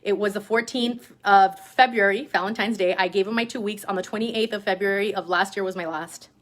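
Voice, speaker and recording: A woman telling a personal story to her sales team in a casual, animated way, often adding "like" and "right?", and acting out what people said. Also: medium pitch, fairly quick. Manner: acts out quoted dialogue in other voices. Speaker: direct-sales team leader.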